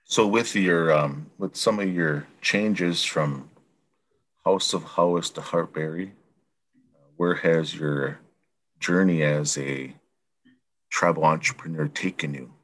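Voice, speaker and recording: A man hosting a podcast, asking long, relaxed questions in a casual interview. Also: rumbling low, takes it slowly, long pauses. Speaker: podcast host.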